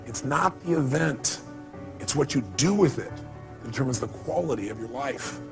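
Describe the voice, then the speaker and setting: A man's voice: medium pitch, animated, normal speed, vocal fry, over music. A man speaking live at a seminar, emphatic and repeating his key phrases, firing questions at the audience. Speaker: motivational speaker. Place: seminar hall.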